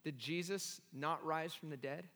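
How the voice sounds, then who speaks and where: A man voicing a calm, wise male mentor in his eighties who keeps pressing his questions, in an echoey church hall. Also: on the high side, a little slow. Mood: probing. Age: 80s. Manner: probing, insistent questioning.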